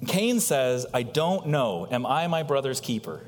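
Animated male preacher in a hall. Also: a little slow, slight background noise. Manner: animated preaching with rhetorical questions and big swings in pitch. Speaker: pastor. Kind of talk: sermon.

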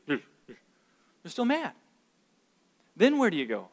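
High-voiced preacher in a reverberant hall. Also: male voice, takes it slowly, pauses often. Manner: animated, acts out quoted voices of complaining children. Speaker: pastor. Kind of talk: sermon. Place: church sanctuary. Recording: long reverb of a large hall.

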